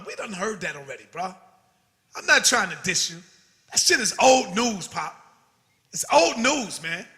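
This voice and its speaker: A man with a strikingly high, sharp voice rants defiantly to his channel's viewers, swearing freely. The recording carries a long echoey reverb. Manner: forceful, defiant, profane. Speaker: channel host. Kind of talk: heated livestream rant.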